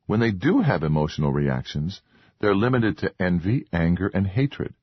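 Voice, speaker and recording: A man voicing a meek, earnest young wife with a soft, pleading, formal way of speaking. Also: low voice, sing-song, normal speed, husky, no room sound, lo-fi sound, exaggerated voice.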